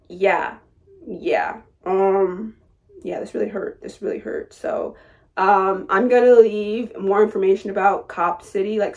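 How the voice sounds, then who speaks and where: A woman's voice: medium pitch, a little mellow. A young woman vlogger ranting to camera, impassioned and hurt, repeating her phrases and trailing off into sad fillers. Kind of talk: emotional personal rant to camera.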